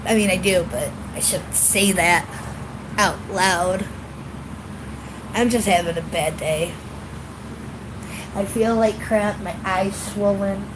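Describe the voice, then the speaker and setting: A congested woman vents to her phone camera outdoors, blunt and full of cussing. Her voice sits at an ordinary middle pitch. Outdoor noise comes through clearly around her. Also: slow, pauses often. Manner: profane, blunt and ranting. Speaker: vlogger. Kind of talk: casual venting vlog.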